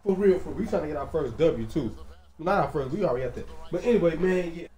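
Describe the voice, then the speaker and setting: A man giving loose, slangy, excitable commentary over a basketball video game, peppering his talk with casual fillers. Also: a little high, fast, reverberant. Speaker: gaming commentator.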